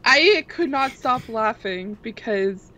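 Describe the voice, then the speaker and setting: A woman guest in a casual chat, telling excitable stories and giggling often. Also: fairly high pitch, slow.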